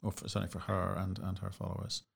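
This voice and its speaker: A male host with a lowish, gravelly voice leads a relaxed conversational interview. He talks in a chatty way, corrects himself mid-sentence, and fills pauses with ums. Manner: chatty, self-correcting, many fillers.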